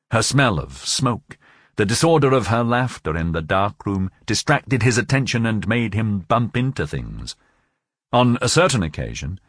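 Expressive male audiobook narrator, low voice. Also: no room sound, clean studio sound. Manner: measured, expressive storytelling. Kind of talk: scripted narration of a novel.

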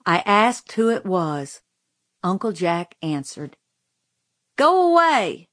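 A woman narrating a novel in the first person, in a quiet, even storytelling voice. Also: fairly low pitch, takes it slowly, no room sound, clean studio sound. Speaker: audiobook narrator.

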